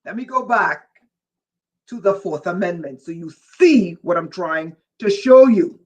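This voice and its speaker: Livestream host, drawn-out delivery, excitable, voice rises often, keeps checking listeners follow. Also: mid-range voice. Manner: excitable, often raises their voice; keeps asking listeners whether they follow. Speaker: livestream host reading viewer chat. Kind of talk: casual livestream talk to viewers.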